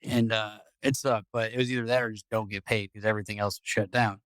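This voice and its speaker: A man's voice: lowish voice, fairly even intonation, fast, a bit bright, no echo. A man hosting a podcast, telling a long story in a casual, rambling way, swearing and repeating himself. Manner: rambling, profane, repeats words. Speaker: podcast host.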